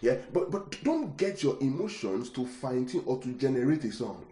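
A man's voice: mid-range voice, big pitch swings, moderate pace, hardly any pauses, mellow. A man preaching a sermon, repeating words for emphasis and checking in with rhetorical questions. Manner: keeps asking the congregation rhetorical questions. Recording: echoey room.

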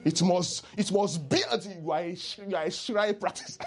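A pastor delivers an animated, teasing sermon, leading his congregation in call-and-response. His voice is high and brisk, with few pauses.

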